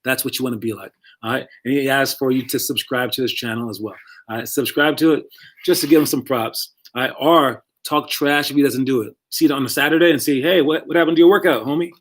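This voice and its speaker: A man's voice: medium pitch, fairly quick, fairly bright tone. A man coaching young basketball players on a live stream, talking casually and rambling, repeating phrases for emphasis.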